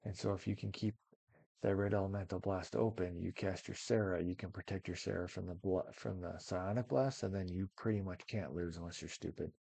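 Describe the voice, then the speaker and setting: Deep gravelly man musing over a match. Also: steady tone, brisk, dark tone, no echo. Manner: musing, thinks aloud with many maybes. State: yawning, tired. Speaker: commentator. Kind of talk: casual match commentary.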